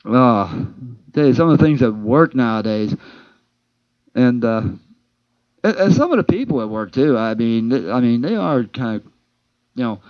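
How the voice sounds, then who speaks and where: A man spins rambling, casual comic stories about his workplace, stumbling over restarts and fillers as he acts out both sides of each exchange. His voice sits at an ordinary middle pitch. The recording is dull and lo-fi, with a dry, close sound and no room echo. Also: expressive, normal speed, long pauses. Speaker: amateur comedian telling work stories. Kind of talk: casual storytelling monologue.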